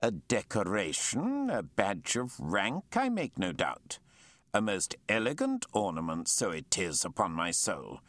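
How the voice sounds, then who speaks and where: A man voicing a learned, courteous male naturalist with formal, precise speech that turns excitable. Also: on the low side, measured pace, dry recording, heavily acted. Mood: dryly polite.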